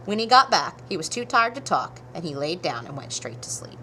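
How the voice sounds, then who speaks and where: A woman narrating a children's storybook with an animated, expressive read. Her voice swings widely in pitch and has a bright, forward tone, with faint background noise behind it. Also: fairly quick. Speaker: storybook reader.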